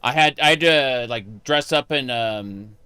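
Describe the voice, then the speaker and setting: A man's voice: medium pitch, unhurried, pushed and bright, clean tone, no echo. A man chatting casually with his live-stream chat while playing a game, rambling with many fillers and restarts.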